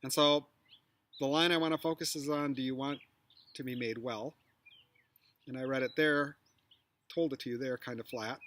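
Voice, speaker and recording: A middle-aged man gives a lesson in biblical storytelling, trying out lines with different emphasis each time. His mid-range voice is steady and a little bright, moving at a normal speed with frequent pauses.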